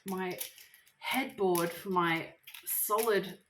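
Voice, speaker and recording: A woman's voice: on the low side, very slow, fairly bright tone, slight background noise. A woman chatting casually to camera while she cooks. She is teary from chopping onions and keeps groaning about her stinging eyes while she jokes at her own expense. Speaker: vlogger. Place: home kitchen. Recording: echoey kitchen with pot and dish clatter.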